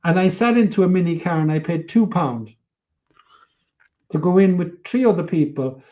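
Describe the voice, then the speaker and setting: An older Irishman talks in a fairly high voice, full of energy as he tells stories from his life. He acts out what other people said and swears without a second thought. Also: normal speed. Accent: Irish, Cork. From Ireland. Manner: animated, acts out quotes, swears freely. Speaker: podcast guest. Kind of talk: storytelling interview.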